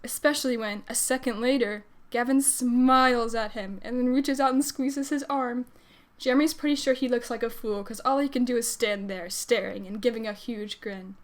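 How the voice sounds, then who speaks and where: A woman's voice: fairly high pitch, steady tone, normal speed. A woman streamer reading fanfiction aloud in a casual way, giggling and breaking off for chatty asides.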